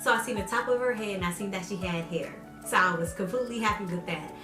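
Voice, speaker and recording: A young woman vlogger telling a story casually and animatedly, acting out what people said with big jumps in pitch. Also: quick pace. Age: young adult. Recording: roomy echo, voice a bit far from mic, faint music.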